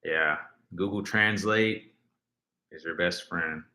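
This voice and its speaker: A man's voice: deep voice, takes it slowly, sharp tone, roomy sound. A man hosting a casual livestream, rambling and reading viewers' comments aloud as he talks. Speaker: livestream host.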